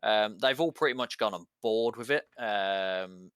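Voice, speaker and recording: A man talking through a casual recap on a podcast, stacking one event onto the next and filling gaps with ums. His voice is smooth and clean. The sound is close and dry, with no room around it. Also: fairly low pitch, measured pace, a bit bright, dry recording. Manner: rambling, filler-heavy play-by-play retelling. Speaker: podcast co-host.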